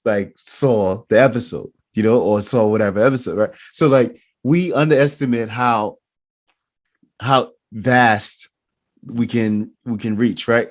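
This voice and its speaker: A man hosting a casual interview podcast who asks long, rambling questions and gets animated when he makes a point. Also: mid-range voice. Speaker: podcast host.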